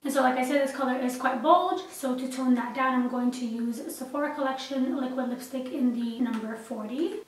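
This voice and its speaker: Young woman, makeup tutorial, high bright voice, gushing and upbeat, distant camera mic. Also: a little fast. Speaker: makeup vlogger. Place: small apartment room. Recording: echoey room, distant mic, faint hiss.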